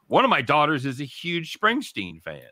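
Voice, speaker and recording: A middle-aged man hosting a sports radio show, chatting casually, swearing often and breaking into loud laughs. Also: fairly high pitch, moderate pace, no room sound, studio quality. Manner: profane, excitable, laughs loudly. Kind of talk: casual sports talk banter.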